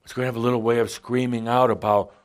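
A man delivers a channeled spiritual talk to a live audience in a hall. His voice is mid-pitched, and his delivery is animated and playful, full of quick asides. He laughs along with the crowd as he speaks.

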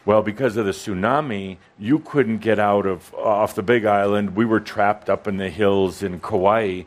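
Chatty low-voiced man hosting a live gathering. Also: unhurried. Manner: chatty and relaxed, with many "uh" fillers. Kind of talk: casual chat with a co-host before a live audience. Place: gathering room with an audience present.

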